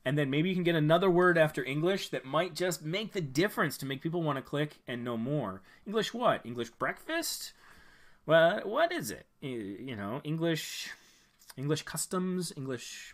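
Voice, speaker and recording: On a relaxed live stream, a man with a slightly high voice looks over viewers' channels. He rambles a little, restarting and using fillers as he thinks out loud and offers kindly advice.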